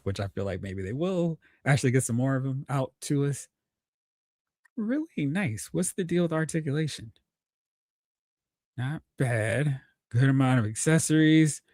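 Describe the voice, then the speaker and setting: A man's voice: medium pitch, no echo, studio quality. A man hosting a live stream, chatting casually, thinking aloud and reading out viewer comments. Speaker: host.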